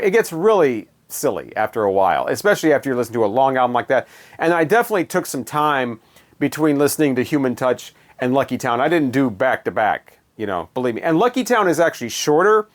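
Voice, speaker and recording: A man reviewing albums in a casual, rambling way with many fillers and wry asides. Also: mid-range voice. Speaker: music reviewer.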